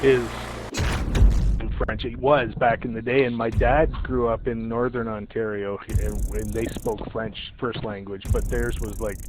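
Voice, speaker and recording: A man from Canada chats over a headset while racing online, easygoing and quick to laugh. His voice sits at an ordinary middle pitch. Loud car engines roar constantly behind him. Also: little pitch movement, noisy background. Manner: easygoing, laughs often, storytelling. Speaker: racing game player. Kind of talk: casual chat during online racing. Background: racing game engine sounds.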